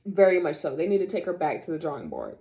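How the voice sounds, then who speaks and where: A young woman vlogging to camera in casual, opinionated chat, sassy and animated as she talks straight to her viewers. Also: low-pitched, fast talker, vocal fry, dull audio. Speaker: vlogger reviewing dolls.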